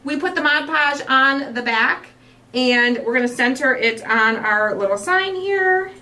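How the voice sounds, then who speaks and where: A woman's voice: high voice, expressive, unhurried, pushed and bright. A woman hosting a casual crafting livestream, a chatty storyteller who laughs often. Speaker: craft show host. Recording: distant mic with faint noise.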